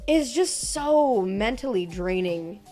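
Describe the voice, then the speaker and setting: A woman's voice: medium pitch, expressive, slow pace, warm tone, soft background music. A young woman streaming from her room at home, chatting casually with viewers, reading chat aloud and joking between giggles.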